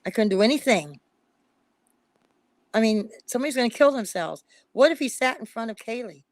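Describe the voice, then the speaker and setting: Lady psychic on a live stream, high voice, dry close sound, keeps repeating herself, pleading. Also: expressive, fairly quick, no room sound. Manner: emphatic and repetitive, pleading. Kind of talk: emotional casual live-stream talk.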